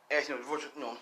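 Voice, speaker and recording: A man's voice: medium pitch, sharp tone, slight background noise. A man casually making up and narrating a fan story, rambling with many fillers. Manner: rambling, full of "you know" and "like".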